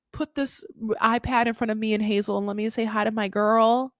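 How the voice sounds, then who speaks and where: A woman voicing a weepy, dramatic young wife at a breakup, talking in a breathy, giggly voice at a raised pitch. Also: fairly even intonation, normal speed, no room sound, clean studio sound, lightly acted. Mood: fretful.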